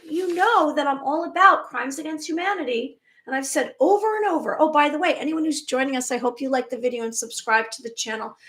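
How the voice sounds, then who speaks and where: A high-voiced woman talks straight to her live viewers. She sounds emphatic and chatty, and now and then she restarts a word before carrying on. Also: a bit bright. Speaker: spiritual channel host. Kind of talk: live-stream monologue.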